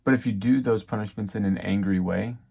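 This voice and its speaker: A man in his thirties giving a casual, reflective devotional talk about parenting as a father, halting with many fillers. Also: on the low side, vocal fry, mellow, slightly rough. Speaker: faith vlogger and dad.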